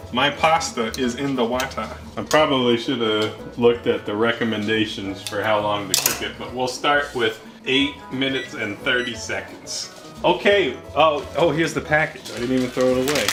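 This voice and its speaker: A man hosting a casual cooking vlog in his home kitchen, with goofy, deadpan wordplay. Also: medium pitch. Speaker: cooking show host. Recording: music playing underneath.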